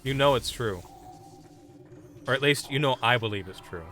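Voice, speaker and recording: A man's voice: medium pitch, moderate pace, pushed and bright, faint music behind. A man streaming a game live, chatting casually and bluntly brushing off requests from chat. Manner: blunt, dismissive banter with chat.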